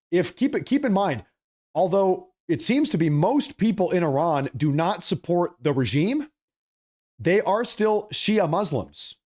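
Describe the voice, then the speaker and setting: A man runs a political livestream in a casual, chatty way, his voice sitting a little high for a man. He gets animated, doubles back on his phrases, and a slight cough comes through now and then. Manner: animated, repeats phrases, apologetic asides. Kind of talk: casual livestream commentary reading viewer chats.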